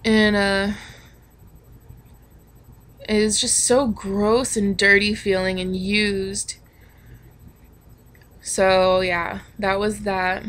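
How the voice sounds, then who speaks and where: This young woman's delivery is flat and very slow, with frequent pauses, her medium-pitched voice fairly bright. Vlogging candidly, she tells a personal story in a frank, confessional way, swearing a lot and using many ums and likes.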